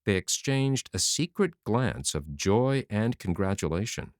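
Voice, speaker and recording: A man narrating a classic novel as an audiobook in a dramatic, expressive reading. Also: on the low side, measured pace, no echo, clean studio sound.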